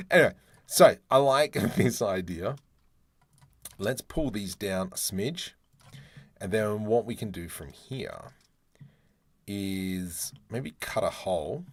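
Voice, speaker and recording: This Adelaide-born streamer speaks in a fairly low, expressive voice at a slow pace with frequent pauses. Running a live 3D modeling tutorial, he chats and cracks jokes, muttering to himself through his work in a broad Australian accent.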